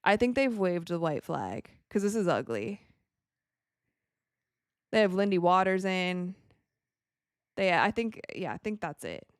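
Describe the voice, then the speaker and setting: A young woman livestream host gives casual, chatty game commentary, reacting with animation to the plays. Her voice is lowish and measured with frequent pauses, recorded dry and close with no echo.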